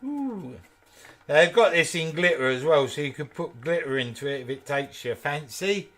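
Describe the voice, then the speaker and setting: This woodturning channel host, from East London with a Kent accent, jokes and chats casually during a live demo, responding to viewer comments as he works. He speaks at a moderate pace with lively intonation, and his voice is a little high and fairly bright.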